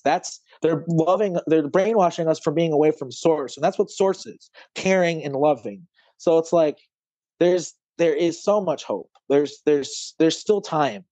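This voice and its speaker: A man's voice: a little high, darkish tone, dry recording. A man on a podcast talking emotionally and rambling with many fillers, near tears, swearing at times. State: close to tears. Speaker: podcast guest. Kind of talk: emotional conversation.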